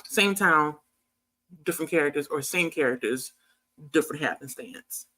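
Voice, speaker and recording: A woman's voice: sits low, normal speed, bright, forceful tone. A woman hosting a casual livestream, chatting to viewers and reading their comments aloud, laughing often as she talks. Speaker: livestream host.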